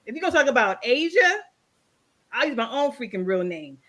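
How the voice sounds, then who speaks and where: A woman's voice: on the high side, very animated, brisk, fairly bright tone. A woman guest on a podcast panel, arguing indignantly and repeating her points insistently. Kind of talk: heated panel argument. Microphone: studio microphone.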